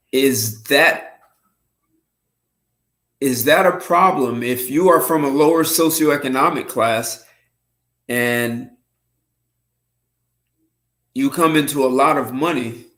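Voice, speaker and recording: A man hosts a casual livestream and thinks out loud in an unhurried way. He restarts his sentences and clears his throat often. His voice has a middle pitch and a roomy echo around it. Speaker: host.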